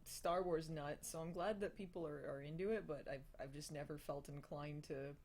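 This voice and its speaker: A woman's voice: low voice, moderate pace, a little mellow, slight background noise. A young adult woman hosting a casual live stream, answering viewer questions with frequent laughs, fillers and restarts. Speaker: host of a live hangout.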